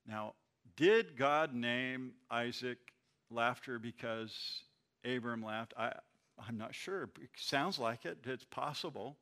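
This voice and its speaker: A man preaching an expository sermon, explaining a scripture passage in a conversational, animated way. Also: medium pitch, slow pace. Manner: conversational, animated retelling with acted quotes.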